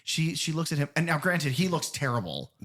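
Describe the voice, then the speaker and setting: Animated, swearing podcast co-host man. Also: a little high, fairly quick. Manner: animated, profane, laughs often. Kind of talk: casual film discussion.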